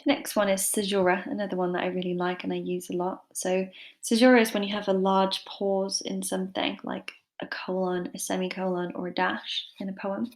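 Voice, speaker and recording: A woman's voice: mid-range voice, little pitch movement, fairly quick. A woman giving a casual online English literature lesson, chatty and informal with lots of fillers and some self-deprecating humour.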